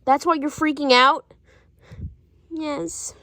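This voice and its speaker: A woman voicing a calm, affectionate young husband who soothes his wife in a doll-play story. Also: high voice, slow, dry recording, clean studio sound, heavily acted. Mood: soothing. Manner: soothing, reassuring.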